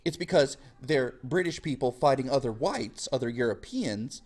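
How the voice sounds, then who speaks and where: A young man lectures on history in a relaxed, talky way. He leans on slang and sarcasm, and he slips into quick impressions of the people he quotes. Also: medium pitch. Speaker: history teacher. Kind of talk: casual classroom lecture.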